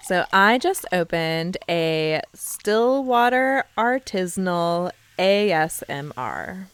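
A woman co-hosting a farm comedy podcast in relaxed casual chat. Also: fairly low pitch, takes it slowly, clean tone, dry recording. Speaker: podcast co-host.

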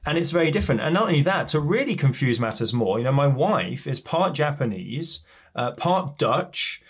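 A man's voice: a little high, sing-song, normal speed, husky. A man, a podcast guest telling stories about family and identity in a reflective way. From England. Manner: fluent, reflective storytelling. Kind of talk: casual interview chat.

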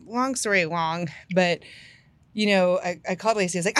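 A woman telling a personal story in a casual podcast chat, animated and full of "like" fillers, laughing often. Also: fairly low pitch, fairly quick, dry recording.

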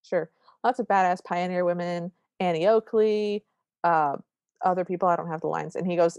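A woman co-hosting a podcast, recapping a movie in wry, quick, casual chat. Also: on the low side, steady tone, a little mellow, clear, resonant tone, dry recording. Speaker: podcast co-host.

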